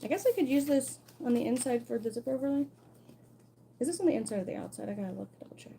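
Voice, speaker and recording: A woman's voice: fairly high pitch, animated, quick pace, creaky, warm tone, slight background noise, rough recording. A woman leading a casual sewalong tutorial, chatting and thinking aloud as she plans and cuts her fabric pieces. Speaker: sewing instructor.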